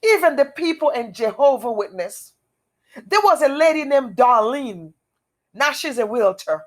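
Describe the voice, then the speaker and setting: A woman tells her own testimony in a fairly high voice, unhurried and deliberate. Her speech is halting and repetitive, circling back to key phrases with earnest intensity. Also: big pitch swings. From outside America. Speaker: testimony speaker. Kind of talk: emotional personal testimony.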